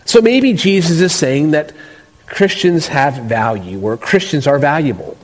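A man preaching an expository sermon, measured and emphatic, with slow deliberate stresses. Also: a little high, lively intonation. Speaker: pastor. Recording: long reverb of a large hall.

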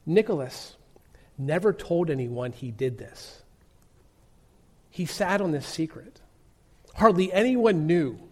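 A man preaching a sermon, telling a story earnestly with emphatic pauses. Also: fairly high pitch.

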